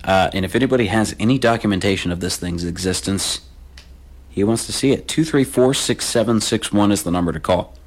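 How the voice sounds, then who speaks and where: A man's voice: on the low side, brisk. A man hosting a local call-in radio swap show, reading listings and phone numbers in a loose, casual way. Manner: casual, repeats phone numbers, slangy asides. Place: radio studio.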